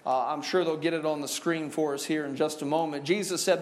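Male pastor, high voice, sermon style with call-and-response and slowed emphasis. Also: steady tone. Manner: jokey, laughing asides. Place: church sanctuary.

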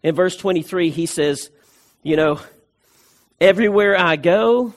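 A man's voice: sits high, unhurried. A man preaching a sermon as pastor, emphatic, repeating key phrases and restarting words as he goes.

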